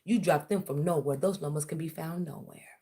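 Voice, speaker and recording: A warm, low-pitched voice speaks fairly fast as this vlogger rants, calling someone out and sarcastically accusing them of spying on her.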